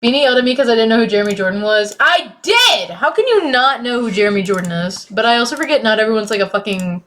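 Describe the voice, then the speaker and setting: A teenage woman streaming, chatting casually and excitably, cursing often and swinging from loud outbursts to mumbles. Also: fairly high pitch, fast. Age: late teens. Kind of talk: casual chat.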